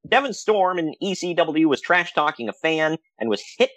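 A man co-hosting a podcast, telling stories in a casual, animated way with frequent laughs. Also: fairly high pitch, moderate pace, no room sound. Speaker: podcast co-host. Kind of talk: casual chat.

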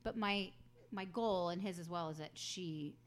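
A woman's voice: lowish voice, unhurried. A woman in her thirties chatting casually as a co-host, agreeable and reflective. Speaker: podcast co-host, mother. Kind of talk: casual chat.

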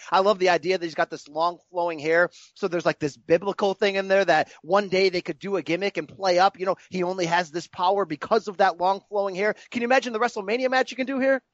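A man with a high voice, arguing emphatically and lecturing in short, punchy commands. His mic sounds slightly dull and muffled, and the room is dry. He is co-hosting a casual podcast. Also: quick pace, hardly any pauses, no echo. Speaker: podcast co-host. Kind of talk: casual wrestling podcast chat.

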